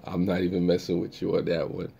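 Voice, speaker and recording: A man's voice: sits low, monotone, fairly quick, gravelly, dark tone, husky. A man hosting a live stream, chatting casually and reacting to viewer comments in a laid-back way.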